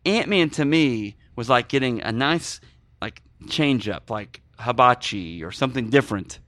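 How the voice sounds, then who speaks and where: A man co-hosting a movie podcast, chatting in an animated, joking, rambling way. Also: mid-range voice, moderate pace, no room sound. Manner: animated, jokey, rambling with food analogies. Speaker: podcast co-host. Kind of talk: casual movie podcast chat.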